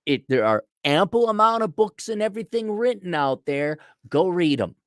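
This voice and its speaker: A man's voice: sits high, lively intonation, normal speed, hardly any pauses, no room sound, clean studio sound. Profane, exasperated middle-aged man ranting. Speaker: consultant and vlogger. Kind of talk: profane angry rant to camera.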